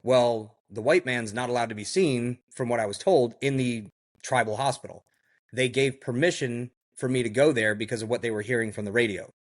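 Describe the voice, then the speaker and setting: A man with a voice of middling pitch tells his story as a podcast guest, in a loose and animated way. He keeps dropping "like" and "you know," and he slips into other people's voices when he repeats what they said. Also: fairly quick. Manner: heavy use of "like" and "you know". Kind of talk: recounting a survival story in a podcast interview.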